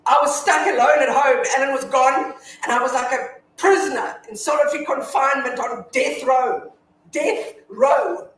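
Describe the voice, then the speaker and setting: An actress playing a grieving, foul-mouthed widow in a staged reading, telling her story from hushed to shouting. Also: high voice, normal speed, a little hiss or hum. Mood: defiant. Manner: confessional monologue, swinging from hushed to shouting. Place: theatre stage. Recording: echoey hall from far off.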